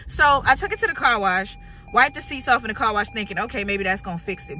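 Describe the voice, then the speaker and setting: A young woman vlogging casually to her viewers, telling an exasperated story with animated flair and talking to them directly. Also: mid-range voice, quick pace, soft background music. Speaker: vlogger, mother. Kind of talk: casual vlog chat. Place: in a car, then outdoors at a park.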